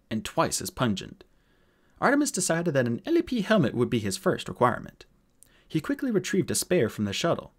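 A man narrating an audiobook with a lively, expressive reading. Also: medium pitch, husky.

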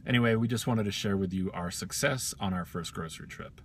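A man's voice: sits low, a little fast, slight background noise. A young man and father co-hosting a casual family vlog, talking in a joking, self-deprecating, rambling way.

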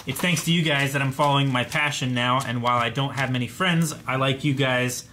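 A man co-hosting a casual group show, reading a viewer's letter aloud haltingly and laughing often. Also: mid-range voice, sharp tone, a little hiss or hum.

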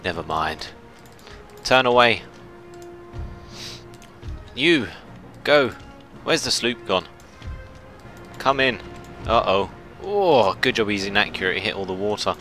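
A man giving chatty, self-mocking let's play commentary, shouting orders at his ships when excited. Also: fairly low pitch, a little slow, long pauses, faint music behind. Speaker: gameplay commentator.

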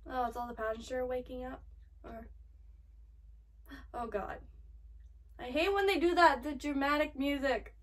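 A high-voiced woman reacts to an anime episode as she watches it, excitable and fretful, swinging between gasps, swearing and cheering. She sits a little back from the mic, so her voice sounds slightly distant. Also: measured pace, pauses often. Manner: excitable, gasps and frets aloud, swears often. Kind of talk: live anime reaction commentary.

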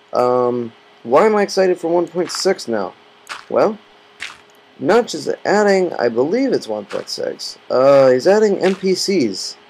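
With a mid-range, dark-toned voice, a man plays Minecraft and chatters to himself in a goofy, rambling way. The audio is rough, picked up by the computer's built-in mic rather than a headset, and a computer fan hums in the background.

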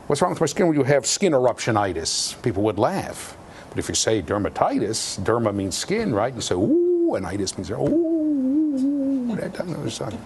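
A man giving a university lecture in an animated, jokey way, with sudden loud outbursts. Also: on the low side, a little fast, a little hiss or hum. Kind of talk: classroom lecture. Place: lecture hall.

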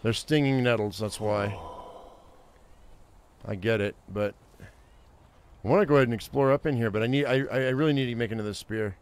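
A man's voice: mid-range voice, fairly quick, pauses often, clear, resonant tone. A man hosting a gaming channel, talking to himself through a survival game in a casual way and getting easily frustrated and swearing. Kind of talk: casual gameplay commentary.

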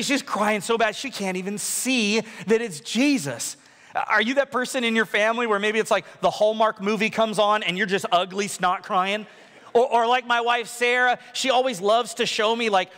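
A young adult man, a pastor, preaching a sermon in a large church, telling stories with lively asides and quoted voices. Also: extremely high pitch, big-room sound. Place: large church worship center.

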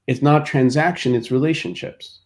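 A man's voice: medium pitch, fairly even intonation, normal speed, darkish tone. A man who co-founded a company, a guest in an interview, explaining his ideas thoughtfully with examples. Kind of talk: casual interview.

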